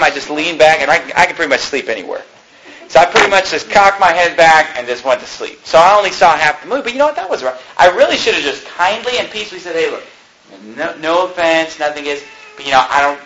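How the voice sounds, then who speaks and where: A man preaching a sermon as pastor, emphatic and fervent, rising to shouts at points. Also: on the high side, a little hiss or hum, poor audio.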